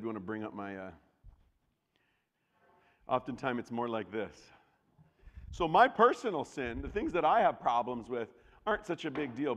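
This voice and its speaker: In a church sanctuary with the long reverb of a large hall, a pastor with a mid-range voice preaches a sermon. He swings dramatically between loud outbursts and hushed near-whispers, speaking conversationally with restarts and asides to the congregation.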